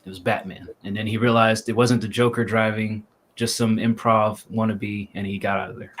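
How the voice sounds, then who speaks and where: A man's voice: lowish voice, level tone, normal speed, a little hiss or hum. A man co-hosting a podcast, teasing the others with crude jokes. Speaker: podcast co-host. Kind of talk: casual chat.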